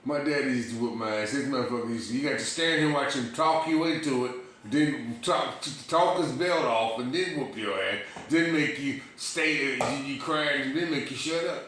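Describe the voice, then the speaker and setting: Animated, laughing man telling stories. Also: medium pitch, normal speed, hardly any pauses, recorded from a distance. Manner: animated storyteller, laughs often, profane. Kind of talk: casual storytelling chat. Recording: echoey room with faint noise.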